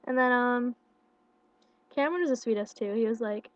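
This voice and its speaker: A young woman casually retelling a concert meet-up into a webcam, excited and chatty, with lots of fillers and quoted dialogue. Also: on the high side, moderate pace. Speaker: vlogger. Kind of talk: casual storytelling. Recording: lo-fi webcam audio.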